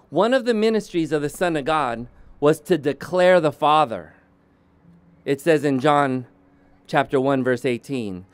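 A man preaching a sermon as pastor, slow and deliberate, often restarting his sentences. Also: on the high side, no echo.

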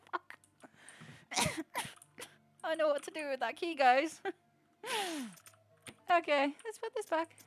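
A woman's voice: high-pitched, very animated, takes it slowly, pauses often, a little hiss or hum. Giggly, sweary woman streaming. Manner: giggly, swears a lot, talks to chat. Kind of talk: live-streamed gameplay chatter.

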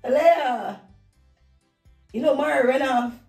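Woman, home vlog, laughing and coaxing, slow unhurried talk, echoey room. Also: sits high, gravelly, darkish tone, distant mic, faint music behind. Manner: laughing, coaxing, playful teasing. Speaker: vlog host and mother. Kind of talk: casual home vlog chat.

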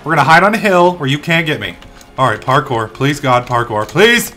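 A young man hosting a let's play, commentating excitably and shouting curses at the game. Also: mid-range voice, fairly quick, soft background music. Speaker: gaming channel host.

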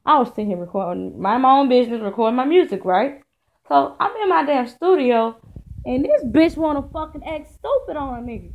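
A woman's voice: high voice, lively intonation, brisk, a little mellow, dull audio. A young woman rants furiously into a camera. She swears constantly and circles back to the same complaint over and over. Her talk is an angry, casual vlog vent from her home studio. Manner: profane, ranting, repetitive. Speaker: vlogger. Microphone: camera in front of her.

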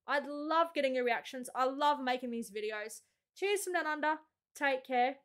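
A woman's voice: sits high, normal speed, a bit bright. An Australian woman hosting a casual reaction video, gushing with lots of exclamations and gasps.

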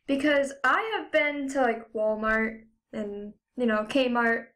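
A young woman with a high voice delivers a sarcastic, profanity-laced rant to her camera. She talks casually, padding her sentences with "you know" and "like.". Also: slow, a bit bright. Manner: frequent fillers like "you know" and "like". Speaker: vlogger. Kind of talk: ranting casual vlog.

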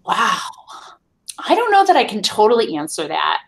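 A woman's voice: mid-range voice, wildly swooping pitch, moderate pace, gravelly. A woman with a Midwestern accent, a sustainability expert answering schoolchildren's questions over a video call in a friendly, explanatory way, often checking in with "right?". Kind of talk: answering kids' questions in a virtual classroom.

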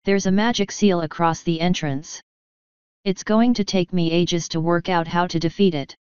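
A woman voicing an earnest, studious young female pony who leads her friends, in her own low, clear reading voice. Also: steady tone, moderate pace, darkish tone, no echo, close to an everyday voice. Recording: dull lo-fi dry recording.

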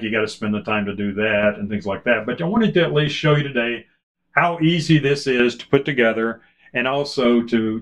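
A man walking through a conference audio setup in a casual, chatty way, with fillers and restarts, heard through a ceiling array microphone. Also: mid-range voice. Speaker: product demo presenter. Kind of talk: casual product walkthrough. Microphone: ceiling beamforming array mic.

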